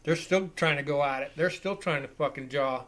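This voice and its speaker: A man hosting a live football reaction show, giving excitable, profane play-by-play commentary. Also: fairly high pitch, moderate pace. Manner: excitable and profane, swears freely.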